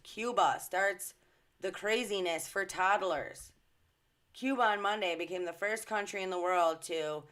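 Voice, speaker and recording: A woman's voice: fairly low pitch, pushed and bright. A woman giving an indignant, emphatic commentary to her followers, swearing freely. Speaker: social media commentator. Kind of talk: casual ranting commentary.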